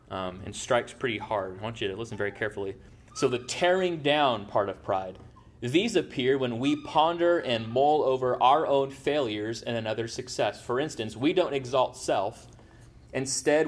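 A man preaching a sermon as pastor, in a conversational way, often checking in with "right?". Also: medium pitch. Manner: conversational, tags points with "right?".

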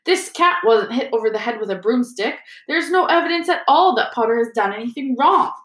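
Woman reader doing a stern sharp professor, brisk, echoey. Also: a little high, animated, pitched above the performer's own voice. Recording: roomy echo.

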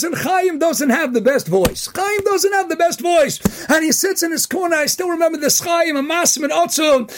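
A man giving an impassioned Torah sermon as a rabbi, often shouting and firing off rhetorical questions, with Hebrew and Yiddish terms mixed into his English. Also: very high-pitched, a little hiss or hum.

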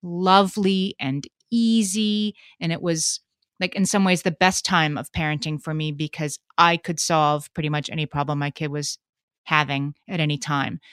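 On a clean, dry studio-quality recording, a woman in her late thirties speaks at normal speed with a deep, clean-toned voice. She co-hosts a podcast, telling stories casually and animatedly performing others' quotes.

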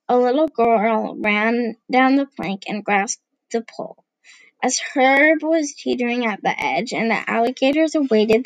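A woman reading a storybook aloud, unhurried, giving the characters light voices. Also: on the high side, no room sound, poor audio.

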